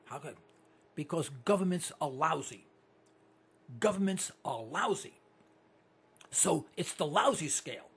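A male radio talk show host, delivering an animated, ranting, opinionated monologue into a studio microphone. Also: on the high side, unhurried, pauses often, slightly rough. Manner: animated and ranting, with repeated catchphrases.

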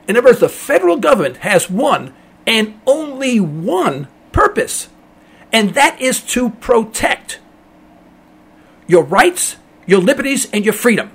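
A man's voice: very high voice, very animated, a little slow, creaky, a bit bright, slightly rough. A middle-aged man hosting a talk radio show, ranting emphatically in a rambling monologue and mocking callers in a dopey voice.

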